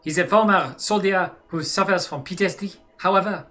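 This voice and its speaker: A man's voice: sits high, brisk, bright, forceful tone, pitched above the performer's own voice. A man putting on a stiff German doctor. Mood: mock-formal. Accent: mock German, drifting toward French. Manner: theatrical, mock-formal letter reading. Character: formal German male head doctor, weary.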